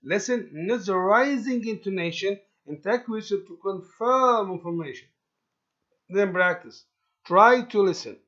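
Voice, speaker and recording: A man teaching an English lesson, halting often with fillers and repeating words as he explains. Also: high voice, fairly bright tone. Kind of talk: recorded classroom lesson explanation. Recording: dull lo-fi recording.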